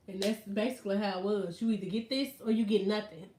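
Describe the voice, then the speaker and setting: A woman's voice: medium pitch, quick pace, slight background noise. Chatty woman vlogger, roomy echo. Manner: animated, slangy storytelling. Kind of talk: casual chat.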